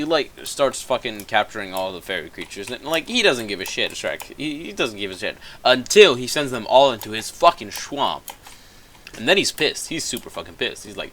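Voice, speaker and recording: A young man with a lowish voice rambles through a comedic plot recap, cursing freely and doubling back to fix his own mistakes. Faint keyboard clicks and typing tick along behind him. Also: fairly bright tone, slight background noise. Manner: profane, rambling, self-correcting. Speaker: gaming commentator. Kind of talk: rambling comedic plot retelling while gaming.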